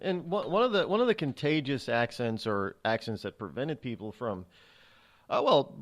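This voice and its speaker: A man hosting a show, talking in a rambling, chatty monologue with frequent restarts. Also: medium pitch. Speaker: radio show host. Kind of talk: casual monologue.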